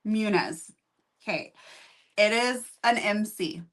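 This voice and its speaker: A woman's voice: mid-range voice, takes it slowly, a bit bright. A woman co-hosting a book review show, telling the story of a book in a conversational way and thinking aloud. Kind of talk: casual chat.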